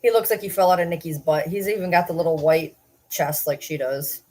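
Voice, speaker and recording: A woman's voice: deep voice, brisk, mellow. A woman chatting casually on a livestream from home, talking playful baby talk to the dogs on her lap and laughing often.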